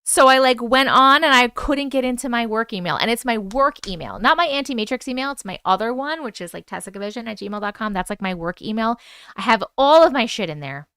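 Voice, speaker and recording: A woman hosting a livestream, casually telling a story, animated and profane, acting out the voices she quotes. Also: a little high, a little fast, smooth, no room sound. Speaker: host. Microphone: wireless clip-on mic.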